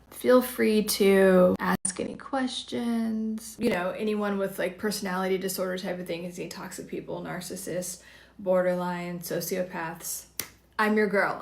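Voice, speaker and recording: Gravelly-voiced woman coaching on a livestream. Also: medium pitch. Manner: direct, conversational, many "like" fillers. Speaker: psychology coach. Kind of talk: livestream advice talk. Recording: roomy echo.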